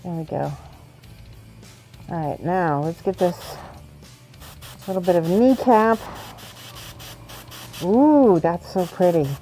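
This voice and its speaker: A woman with a fairly low voice rambles casually and giggles often as she paints miniatures for her viewers. She speaks at an unhurried, slow pace and goes soft when she concentrates. Faint music plays behind her. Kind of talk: casual chat while painting.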